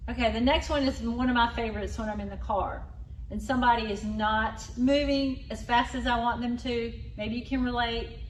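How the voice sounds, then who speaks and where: A woman leading a group through voice exercises, coaching loud, exaggerated sounds. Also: on the high side, fairly even intonation, normal speed, a little hiss or hum. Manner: loud, exaggerated vocal demonstrations. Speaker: exercise leader. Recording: echoey room, a bit far from mic.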